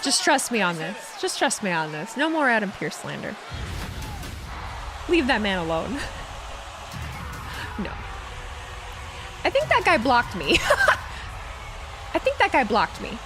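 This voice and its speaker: A woman's voice: on the high side, huge pitch swings, a little slow, pauses often, music in the background. A young woman chatting casually on a live stream, sarcastic and talkative, reading chat messages aloud.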